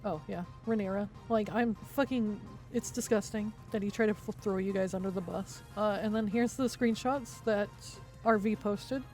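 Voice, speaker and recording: A woman's voice: medium pitch, fairly even intonation, moderate pace, darkish tone, faint music behind. A woman streamer giving heated, profane, sarcastic commentary on a livestream while reading through a document.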